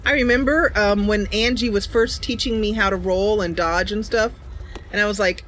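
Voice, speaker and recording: A woman's voice: mid-range voice, steady tone, normal speed, a bit bright, slight background noise, low-quality recording. A woman hosting her channel, chatting casually and playfully over gameplay, giggling often. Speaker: channel host, gamer.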